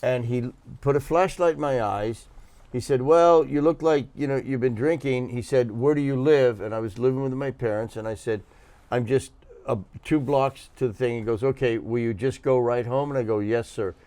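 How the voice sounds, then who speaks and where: A man's voice: medium pitch, moderate pace, mellow. A man in his sixties co-hosting a podcast in casual chat, dropping wry, teasing remarks and telling his own story. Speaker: podcast co-host.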